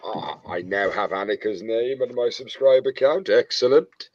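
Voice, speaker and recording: A man's voice: fairly low pitch, normal speed, highs cut off. A man in casual chat, joking with hesitant starts and mock-sinister asides.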